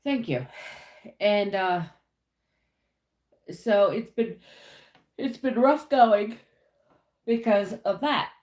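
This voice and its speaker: A woman's voice: medium pitch, very slow, long pauses, darkish tone, reverberant. A woman hosting a casual livestream from the United States, greeting viewers by name and chatting about her week. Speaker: livestream host. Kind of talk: casual live chat.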